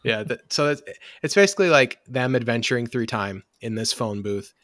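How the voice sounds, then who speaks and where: A man hosting a casual podcast chat who talks in an animated way, laughing often and using many fillers. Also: medium pitch, fairly quick, dry recording, clean studio sound. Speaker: podcast host.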